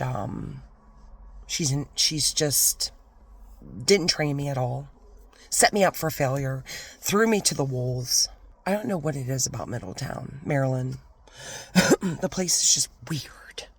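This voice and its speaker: A woman's voice: rumbling low, animated, takes it slowly, pauses often, husky. Ranting woman with whispered asides. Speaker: vlogger. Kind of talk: storytime rant.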